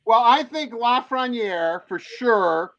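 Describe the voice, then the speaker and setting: An older man chats about sports at a high pitch, stammering and restarting his sentences. His voice comes through dull and close, with no room around it. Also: expressive, a bit bright, dry recording. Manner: halting, repeats words. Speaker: co-host, sports talk. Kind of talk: casual sports chat.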